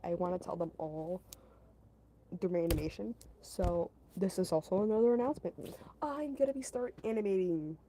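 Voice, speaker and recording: Brief: young female creator, mid-pitched and warm, chatty storytime with restarts. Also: a little hiss or hum, poor audio. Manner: animated, emphatic, with frequent restarts and acted quotes. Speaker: content creator. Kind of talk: casual storytime monologue.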